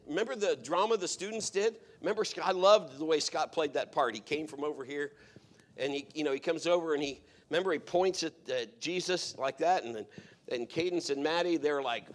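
A middle-aged man preaching a sermon, telling stories and swinging between hushed, quiet passages and loud, emphatic exhortation. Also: on the high side, animated, normal speed. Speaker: pastor.

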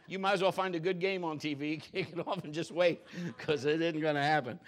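A middle-aged pastor delivers a lighthearted sermon, his voice sitting a little high for a man. He jokes and chuckles as he goes, punching some lines loudly and dropping others almost to a murmur. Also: a little fast, hardly any pauses. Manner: animated, jokey, laughs often, swings loud and soft. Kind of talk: humorous sermon. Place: church.

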